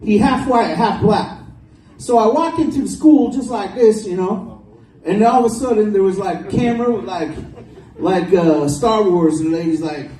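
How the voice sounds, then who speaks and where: A man's voice: high voice, normal speed, dark tone, echoey room, recorded from a distance, poor audio. A man doing a crude, rambling stand-up set at a small bar open mic. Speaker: stand-up comedian. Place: small bar comedy stage.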